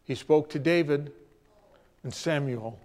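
A man preaching a sermon as pastor, telling stories with deliberate, dramatic pauses. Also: fairly high pitch, a little mellow.

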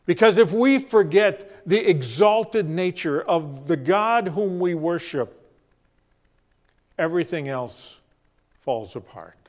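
A man preaching a sermon as pastor, telling stories with deliberate, dramatic pauses. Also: sits high.

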